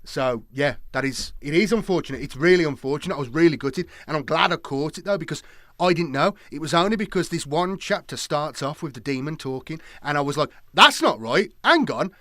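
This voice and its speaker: A man's voice: fairly high pitch, fairly quick, a bit bright, dry recording, studio quality. A man chatting casually to his live-stream viewers, rambling and repeating himself with many fillers.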